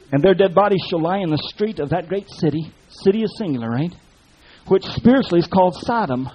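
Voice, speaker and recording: A man's voice: high voice, big pitch swings, a little fast, a little hiss or hum. A man preaching a sermon in a fiery, folksy way, full of colloquial speech. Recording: dull lo-fi recording.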